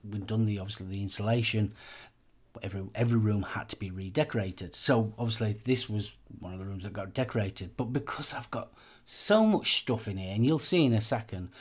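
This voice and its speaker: A man from England, hosting a live stream in a chatty, rambling way with lots of fillers. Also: fairly low pitch. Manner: chatty, rambling, with many fillers and repeated phrases. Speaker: host of a live vaping channel show. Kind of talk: casual live-stream chat.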